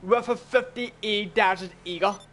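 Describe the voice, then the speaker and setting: A man telling a story in a casual, profane, animated way while gaming with friends. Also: high voice, moderate pace, a little hiss or hum.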